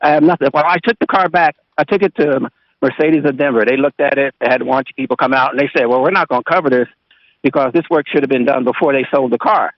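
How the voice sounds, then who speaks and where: A man's voice: medium pitch, fairly even intonation, quick pace, no room sound. A man calling in to a radio show, hesitant and giving terse answers. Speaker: caller. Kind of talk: phone-in call. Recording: dull lo-fi radio stream.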